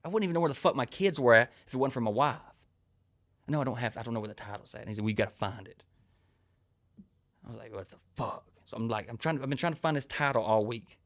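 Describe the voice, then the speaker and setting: A man's voice: medium pitch, lively intonation, quick pace, a bit bright. A man, a comedian hosting a podcast and telling crude, rambling stories full of swearing. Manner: crude, rambling, swears constantly, acts out quoted people. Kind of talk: profane storytelling monologue.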